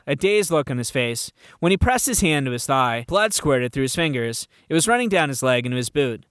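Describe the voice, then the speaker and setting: Man reading a fantasy audiobook, smooth clear voice, bone-dry close sound. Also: mid-range voice, animated, moderate pace, few pauses, fairly bright tone, no echo. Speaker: narrator. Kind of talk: fan audiobook narration.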